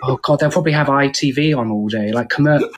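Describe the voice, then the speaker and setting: A man's voice: mid-range voice, fast. A British man chatting as a podcast guest, wry and self-deprecating, with a rambling way of talking. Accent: British English. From United Kingdom. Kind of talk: casual chat.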